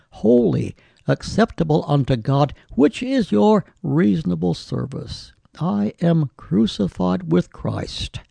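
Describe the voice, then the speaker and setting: A man delivers a sermon in an unhurried, measured cadence, leaning on old-style scripture phrasing. His voice is gravelly and dark, yet sits slightly high for a man. The sound is close and dry. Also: no echo. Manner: slow, deliberate delivery with scripture quoted in old English. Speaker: preacher.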